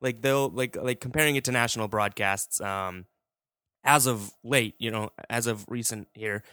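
A man's voice: mid-range voice, normal speed, bright, forceful tone, smooth, no echo, studio quality. A man hosting a podcast, talking in a rambling, heartfelt way with many fillers. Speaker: podcast host. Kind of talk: casual podcast monologue.

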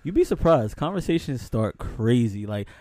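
With big swings in his mid-range pitch and a dark tone, this young man spins stories on a casual podcast he co-hosts at a moderate pace, repeatedly saying "man, listen" and "you know what's so crazy." The recording is dry and studio quality.

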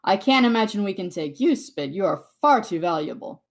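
A woman voicing a courteous male envoy in a tabletop game, speaking in polite, measured, flattering terms. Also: medium pitch, close to an everyday voice.

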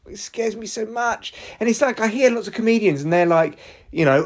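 A wired comedian talking solo on his podcast, rambling and restarting as his slightly high voice leaps up with excitement. He sounds bouncy and full of energy, chatting casually without a script. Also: brisk, husky.

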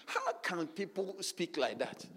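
Male preacher, sermon, emphatic call-and-response, slightly high voice, long hall reverb. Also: wildly swooping pitch, measured pace, fairly bright tone, breathy edge. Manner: emphatic, repetitive call-and-response with frequent hallelujahs.

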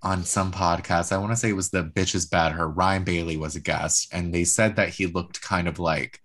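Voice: deep voice, moderate pace. A podcast co-host recapping a reality show in casual chat, telling the story with lots of filler words. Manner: animated storyteller, acts out quotes, many "like" fillers.

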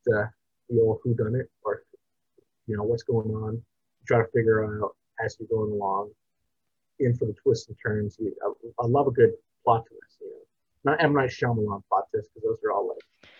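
A man's voice: fairly low pitch, steady tone, moderate pace, slightly rough, dry recording. A man co-hosting a casual movie review podcast, rambling with restarts. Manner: rambling, restarts, drops into a mumble at ends. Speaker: podcast co-host. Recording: dull, dry podcast mic.

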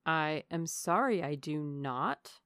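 A woman voicing a composed, cautious young woman who speaks in a measured, politely guarded way. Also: low-pitched, lively intonation, fairly bright tone, dry recording, clean studio sound, exaggerated voice.

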